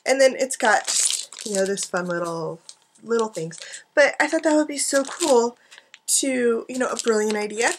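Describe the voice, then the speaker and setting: Rambling middle-aged woman vlogger, high bright voice, giggly, talks to a desk camera. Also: normal speed, a little hiss or hum. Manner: chatty, giggly, self-mocking asides. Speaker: art journaling vlogger. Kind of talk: rambling casual chat to camera. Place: home craft desk, indoors.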